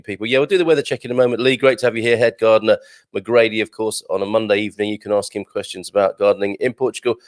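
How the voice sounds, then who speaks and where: Male live-stream host, slightly low voice, chatty and filler-heavy, reads and greets viewer comments. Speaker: host of a live morning show.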